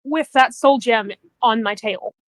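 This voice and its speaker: A woman with a high voice plays a tabletop game, recorded dry and close. She talks casually, explains what she's trying, and laughs between lines. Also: a little slow, no echo, poor audio. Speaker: player.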